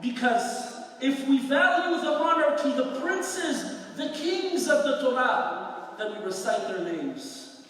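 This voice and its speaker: A man's voice: very high voice, lively intonation, slow, a bit bright. A man, a rabbi, giving a sermon full of stories, chanting short Talmud phrases before explaining them. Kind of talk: sermon with storytelling. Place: large hall at a memorial event. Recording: echoey hall from far off.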